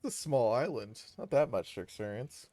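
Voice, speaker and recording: A woman's voice: very deep voice, lively intonation, normal speed, warm tone, no echo, soft background music. A woman voicing a female investigator from a game, reading her lines in a dry, matter-of-fact way. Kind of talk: reading game dialogue aloud.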